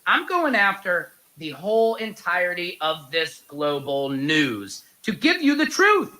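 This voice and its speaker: A man's voice: high voice, sing-song, a little slow, bright, forceful tone, rough recording. A man telling a story in a casual, jokey vlog and calling his viewers Patriots. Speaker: online commentator.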